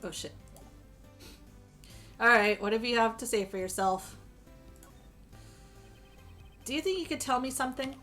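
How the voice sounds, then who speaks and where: A woman's voice: a little high, animated, normal speed, long pauses, fairly bright tone, faint music behind. A woman streaming a game, reading the dialogue aloud with joking, crude asides and a strained voice.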